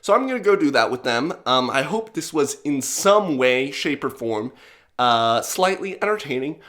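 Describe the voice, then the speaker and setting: A man's voice: medium pitch, animated, moderate pace, a bit bright. A man vlogging in a casual, rambling storytelling way, self-mocking and full of fillers.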